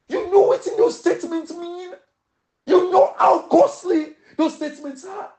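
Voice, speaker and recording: A woman's voice: very high voice, lively intonation, moderate pace, darkish tone. A woman from Sierra Leone with a Krio accent, giving emphatic political commentary full of rhetorical questions and switching between Krio and English.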